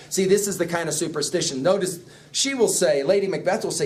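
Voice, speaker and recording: A man's voice: high voice, a little fast. Questioning male teacher lecturing class. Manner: asks the class questions, lively explaining. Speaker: English teacher.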